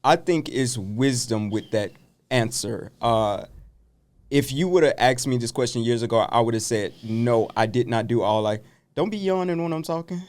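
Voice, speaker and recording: A man's voice: medium pitch, moderate pace, a little mellow. Earnest motivational man, business coach. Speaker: pastor. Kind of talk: casual interview.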